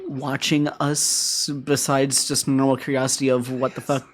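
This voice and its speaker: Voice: medium pitch, flat delivery, measured pace, slight background noise. Hesitant player asking questions. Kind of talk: tabletop game play.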